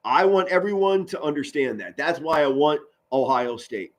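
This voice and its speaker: A man, doing loud live football play-by-play and chatting with viewers. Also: on the high side, normal speed. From Pennsylvania, US. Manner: loud, excitable, swings from mutters to shouts. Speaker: sports commentary streamer.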